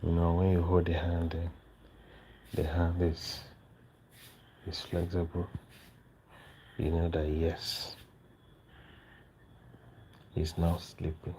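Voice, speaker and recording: A tired man chats quietly with his viewers late at night while holding his baby. His voice is very low and mellow, with a gravelly edge. He speaks unhurried and weary, and a faint background hum sits behind him. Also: completely flat delivery, low-quality recording. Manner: soft-spoken, slow and weary, talking to viewers and his baby. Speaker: vlogger father live streaming. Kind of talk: casual late-night livestream chat. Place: home at night.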